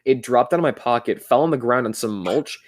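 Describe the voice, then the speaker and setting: A young man co-hosting a casual podcast chat, rambling in quick bursts and restarting sentences. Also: medium pitch, animated. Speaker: podcast co-host.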